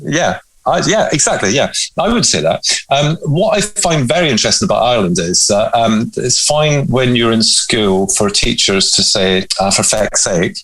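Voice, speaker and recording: A man co-hosting a podcast, reflecting in a measured, casual way. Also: medium pitch, very animated, a bit bright, breathy edge, poor audio. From Scotland. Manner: reflective, measured, hedging with ums. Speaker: podcast co-host. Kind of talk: casual conversational chat.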